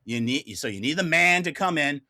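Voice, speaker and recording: A man's voice: a little high, expressive, normal speed, sharp tone. A man arguing the prosecution's case on a podcast in an exasperated, profane rant. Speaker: prosecutor in a mock movie trial. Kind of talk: casual podcast debate.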